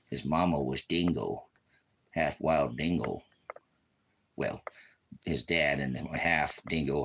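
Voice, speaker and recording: A man preaching and rambling in a home vlog, talking fondly to his dogs and dropping to hushed murmurs. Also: a bass voice, a little hiss or hum, poor audio. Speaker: ranch ministry preacher.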